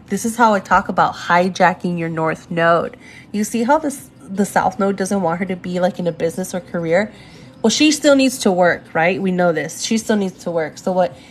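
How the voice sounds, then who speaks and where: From home, a young woman does a live astrology reading on her phone, chatting casually and speaking directly to viewers while often drifting into tangents. Her voice is medium-pitched, with slight background noise.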